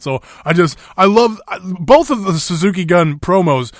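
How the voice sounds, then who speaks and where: Laid-back swearing wrestling podcast host. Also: male voice, high-pitched, lively intonation, moderate pace, few pauses, fairly bright tone, no echo, studio quality. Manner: laid-back, swears freely, frequent fillers and laughs. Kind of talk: casual podcast commentary.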